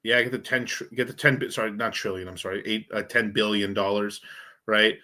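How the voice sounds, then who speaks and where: Through a streaming setup mic, a man with a lowish, bright, forceful voice hosts a crypto livestream at a brisk pace with fairly even intonation. His chat is casual and profane, a rambling think-aloud tour of the charts.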